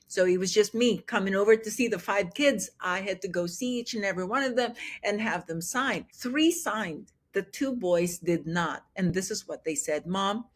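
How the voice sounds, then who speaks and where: A woman in her sixties, a guest telling her personal testimony in an animated way and acting out what people said. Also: mid-range voice, moderate pace, few pauses. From Philippines. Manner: animated, acts out quoted dialogue. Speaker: interview guest.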